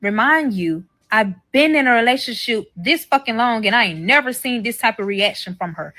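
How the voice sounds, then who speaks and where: Animated woman telling a profane story. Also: on the high side, normal speed, hardly any pauses. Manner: animated, profane, acts out the other people's lines. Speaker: storyteller in a played clip. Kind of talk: casual story time.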